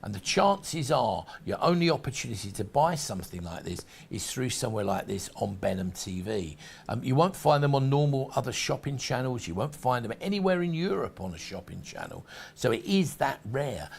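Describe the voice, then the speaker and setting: A man's voice: mid-range voice, very animated, moderate pace, gravelly, slight background noise. A man hosting a shopping channel, talking through collectables in chatty, rambling sales patter with frequent restarts. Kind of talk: sales presentation.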